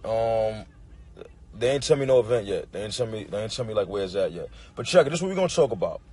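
A young man ranting into his phone in an emphatic, repetitive, profane way, working himself up to loud outbursts. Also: fairly low pitch, animated, quick pace. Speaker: battle rapper on a livestream. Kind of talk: heated casual rant.

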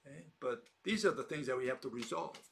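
A man's voice: medium pitch, fast, gravelly. A man giving an argumentative, emphatic monologue, full of repetition and rhetorical questions. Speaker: host. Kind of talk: lecturing monologue.

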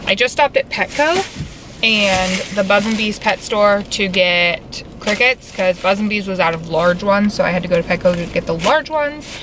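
A young woman who vlogs and keeps tarantulas rambles casually from inside a car, using lots of fillers. Her voice is mid-range and her pace moderate, with vehicle noise in the background.

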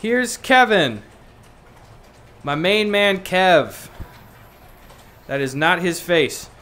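A man's voice: high-pitched, big pitch swings, very slow, bright, forceful tone. A man streaming a VR game, chatting casually in a goofy, joking way and laughing often. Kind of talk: casual chat while playing a VR game.

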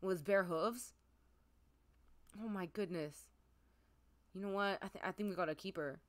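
Gushing excitable woman streamer. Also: fairly low pitch, normal speed. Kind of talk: casual gameplay commentary.

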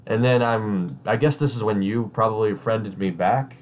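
A chatty man hosting a loose, casual talk with a friend, with a slightly low voice. He reads out chat messages in a mocking tone. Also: normal speed, few pauses, a little hiss or hum. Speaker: host.

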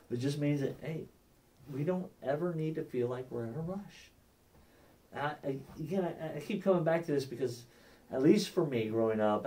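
A man's voice: medium pitch, mellow, far from the mic. A man teaching a church class on sharing faith, talking conversationally, checking in with the class and acting out quoted exchanges. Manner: conversational, asks the class questions, acts out quoted dialogue.

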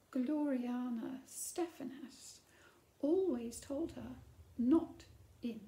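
A woman's voice: high-pitched, animated, unhurried, warm tone. A woman reading a picture book aloud to children, adding chatty asides and playful whispered remarks. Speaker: storytime reader.

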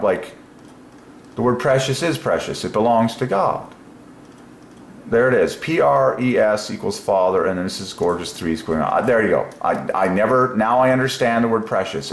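A man hosting a casual solo video, musing aloud and breaking into excited exclamations. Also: medium pitch. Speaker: religious video host. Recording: echoey room with faint noise.

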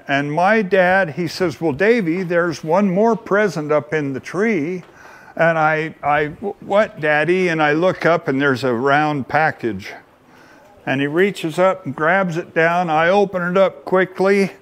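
A man telling a homespun childhood story at an open mic, in an unhurried, playfully earnest folksy manner. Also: high-pitched. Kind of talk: folksy spoken storytelling to an audience.

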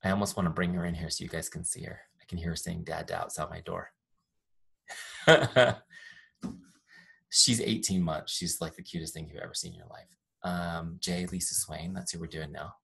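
Husky-voiced man teaching an online training. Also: low-pitched, fairly even intonation, moderate pace, fairly bright tone. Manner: upbeat, chatty, self-deprecating jokes. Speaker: software trainer. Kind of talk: live online training with screen demo. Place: home office. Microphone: desk microphone.

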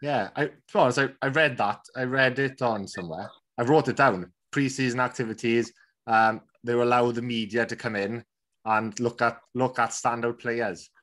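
A Welsh man with a Welsh accent hosting a podcast, talking in a relaxed, chatty way with lots of fillers. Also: mid-range voice, normal speed. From Wales. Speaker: podcast host. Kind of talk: casual podcast chat.

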